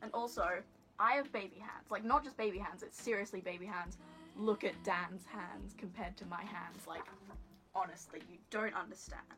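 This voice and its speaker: A woman's voice: medium pitch, normal speed, fairly bright tone, soft background music. A woman telling a story to her phone camera in a casual vlog, giggly and rambling with lots of "like" and self-deprecating asides. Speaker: vlogger.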